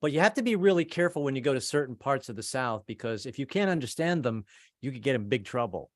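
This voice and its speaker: A man's voice: medium pitch, lively intonation, fast talker, no room sound, clean studio sound. Stammering man telling stand-up stories. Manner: rambling, stammering, trades in put-on voices. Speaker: stand-up comedian. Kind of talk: stand-up set over video call.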